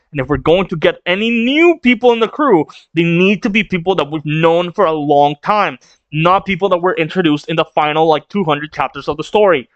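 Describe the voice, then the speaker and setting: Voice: mid-range voice, no room sound, muffled recording. A streamer reading manga live and reacting in a chatty, opinionated way, laughing often.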